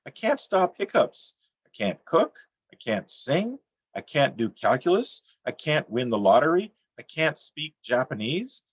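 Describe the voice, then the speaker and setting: A middle-aged man reading his own poems on a video call, with a dry, deadpan delivery and self-mocking jokes. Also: medium pitch, slightly rough, no room sound. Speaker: featured poet. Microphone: computer mic on a video call.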